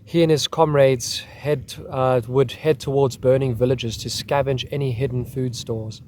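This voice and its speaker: Man, casual history host, chatty, mid pitch, faint ambience behind. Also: steady tone, measured pace, a little mellow, slight background noise. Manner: chatty, repeating "crazy, hey?". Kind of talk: casual history talk, reading out extracts.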